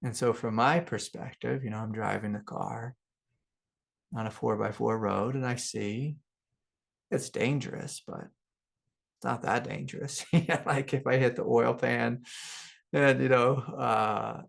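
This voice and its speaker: A middle-aged man, a spiritual teacher, telling a personal story in a relaxed, rambling way with many fillers and soft laughs. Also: mid-range voice, measured pace, vocal fry. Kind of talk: relaxed satsang talk with personal stories.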